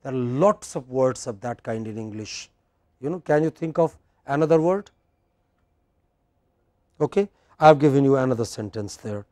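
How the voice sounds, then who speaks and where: A man teaching English word stress in a classroom, patiently modelling words slowly and prompting his learner. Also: medium pitch, animated, mellow, dry recording. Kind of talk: classroom drill lesson.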